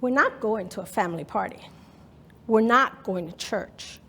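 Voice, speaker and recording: A woman's voice: medium pitch, moderate pace, bright, forceful tone, slightly rough. A woman in her fifties from New York, telling a personal story in a talk with dramatic, emotional present-tense narration. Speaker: speaker.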